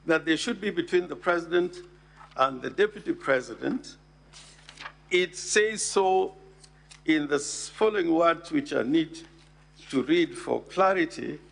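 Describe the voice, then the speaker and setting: A man with a fairly high voice gives a formal address to a Senate hearing. He speaks at an unhurried pace, weighing each phrase and leaning hard on the words he wants to stress. There is a gravelly, creaky edge under his voice. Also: fairly bright tone. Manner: slow, deliberate, emphatic, stresses key words.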